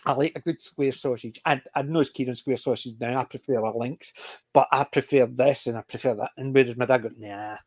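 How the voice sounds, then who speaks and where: A man's voice: medium pitch, steady tone, brisk, husky. Rambling Scottish man hosting a chat. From Scotland. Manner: rambling storyteller, frequent restarts. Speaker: panel host. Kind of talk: casual panel chat.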